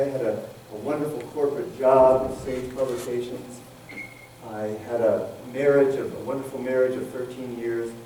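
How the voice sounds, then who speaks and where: A man in his sixties giving a sermon as guest minister, telling a joke and acting out the voices of its characters. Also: mid-range voice. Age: 60s. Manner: animated storytelling, voices the characters. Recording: very echoey hall, mic far off, faint noise.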